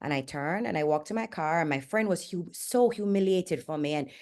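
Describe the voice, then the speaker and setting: A woman's voice: deep voice, expressive, a little fast, a little mellow. A Jamaican woman in her forties hosting a candid motivational talk, frank and earnest and speaking bluntly. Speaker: host and fitness coach.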